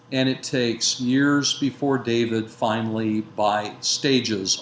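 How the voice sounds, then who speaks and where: Slow, deliberate male lecturer in a roomy space. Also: mid-range voice. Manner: measured, with frequent fillers and self-corrections. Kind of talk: lecture retelling a biblical narrative. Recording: roomy echo with faint background noise.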